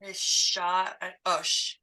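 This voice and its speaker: A woman with a lowish but bright voice reads aloud in class. She goes slowly, stopping and starting as she tries to pronounce words she does not know. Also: flat delivery, crowd noise. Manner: halting, hesitant, unsure of pronunciation. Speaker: student.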